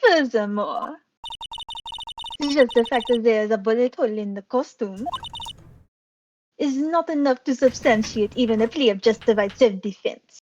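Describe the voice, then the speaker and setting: A woman's voice: fairly high pitch, moderate pace, long pauses, noisy background, lightly acted. A woman voicing an imperious young female prosecutor with a put-on German accent, reading game lines over game music. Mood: scornful. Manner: imperious, scornful.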